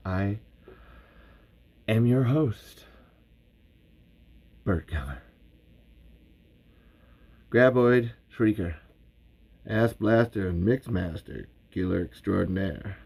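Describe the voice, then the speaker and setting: A man's voice: lowish voice, slow pace, creaky, long pauses, darkish tone, slightly rough, full character voice. A man voicing a boastful, paranoid middle-aged survivalist in an improvised livestream, with a blustery, folksy drawl that slips toward Southern. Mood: scheming.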